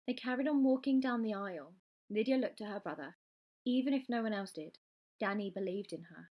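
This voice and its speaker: Husky woman reading a chapter aloud, steady and measured. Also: medium pitch, dull audio. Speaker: reader.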